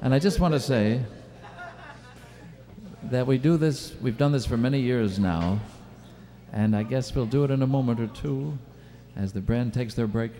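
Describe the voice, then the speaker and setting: A man's voice: medium pitch, moderate pace, dark tone. A man doing rambling stage patter as a lounge entertainer, telling corny jokes between songs at a live show.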